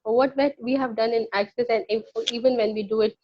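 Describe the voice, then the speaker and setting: A woman grammar teacher talks quickly and insistently, circling back to drive each point home. Her voice sits a bit high. The sound is dull and lo-fi, like an online call. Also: steady tone. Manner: firm, insistent, repeats key points. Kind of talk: explaining grammar in a live online class.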